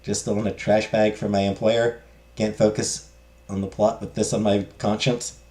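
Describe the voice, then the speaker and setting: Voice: mid-range voice, level tone, moderate pace, darkish tone. A game streamer reading game text aloud and making joking, self-mocking asides while playing. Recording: roomy echo.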